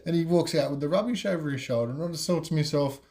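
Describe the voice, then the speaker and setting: A man's voice: a little high, fast, warm tone. Rambling man telling a story. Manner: rambling, frequent ums and you-knows. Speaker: podcast host. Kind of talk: casual storytelling.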